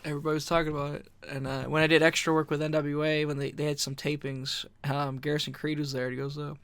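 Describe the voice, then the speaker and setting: Gravelly, bright-voiced man telling stories. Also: on the high side, fast, no room sound. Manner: animated, laughing, acts out quotes; swears casually. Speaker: podcast guest. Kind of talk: casual storytelling.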